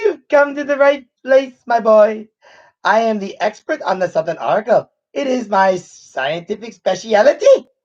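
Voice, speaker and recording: A mean little old gnome scientist, as a man puts him on, pompous and snappish, with a squeaky voice. He speaks very high. The audio is dull and lo-fi. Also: heavily acted.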